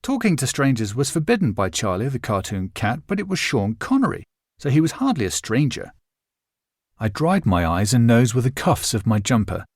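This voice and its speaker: A man reading a novel aloud as its narrator in a measured, expressive storytelling manner. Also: mid-range voice, no echo, clean studio sound. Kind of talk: scripted narration.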